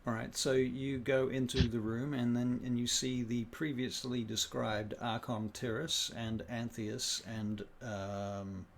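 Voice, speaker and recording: A man's voice: mid-range voice, flat delivery, a little slow, hardly any pauses, a little hiss or hum. A man narrating a tabletop game as game master, setting scenes in a matter-of-fact way.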